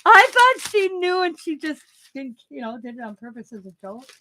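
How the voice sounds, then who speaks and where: A chatty middle-aged woman with a slightly high voice talks loosely through a crafting session, laughing and restarting her thoughts as she goes. Faint noise hums behind her. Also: very animated, normal speed, bright, forceful tone. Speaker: crafting channel host. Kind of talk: casual crafting chat.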